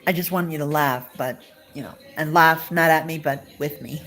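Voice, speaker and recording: A woman's voice: sits low, a little fast. Emotional, rambling woman live-streamer. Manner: emotional, repetitive questioning, rambling. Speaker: live-stream host talking to a viewer. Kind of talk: casual live-stream chat.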